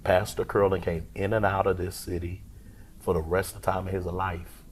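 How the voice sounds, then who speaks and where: A middle-aged man from Omaha, a pastor, telling his story in an interview in an animated, conversational way. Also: deep voice, moderate pace, slight background noise. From Omaha, Nebraska, US. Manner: animated, acts out quoted voices, vernacular phrasing.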